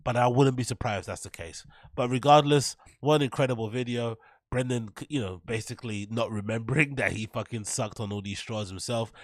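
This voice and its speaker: A man's voice: mid-range voice, a little fast, no echo, studio quality. A man hosting a commentary show, ranting and mocking clips with heavy profanity and filler words. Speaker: host.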